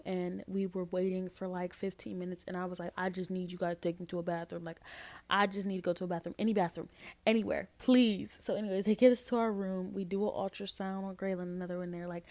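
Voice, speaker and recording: A woman's voice: lowish voice, flat delivery, fast talker, a little mellow, dry recording. A young woman hosting a podcast, telling a personal story in a candid, emotional way, with lots of "like". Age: young adult. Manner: emotional, candid, with frequent fillers like "like". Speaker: podcast host. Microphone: changed to a lower-quality mic partway.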